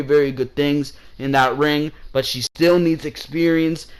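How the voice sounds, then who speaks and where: Man, wrestling-review host, heated profane rant, slightly high voice, casual. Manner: profane, heated ranting, often says bro.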